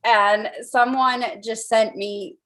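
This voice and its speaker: A woman with a fairly high voice tells animated stories on a casual live stream. She laughs often and speaks with open feeling. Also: takes it slowly. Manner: animated storyteller, laughs a lot. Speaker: co-host.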